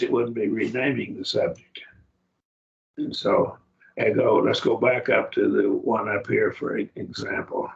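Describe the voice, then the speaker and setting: A man's voice: mid-range voice, creaky, highs cut off. A man teaching a Greek grammar class, explaining patiently and often checking that students follow.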